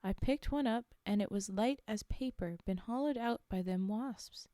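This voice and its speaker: A woman's voice: mid-range voice, moderate pace, warm tone, dry recording, studio quality. A woman streamer reading a story aloud, breaking off for chatty, laughing asides to her chat.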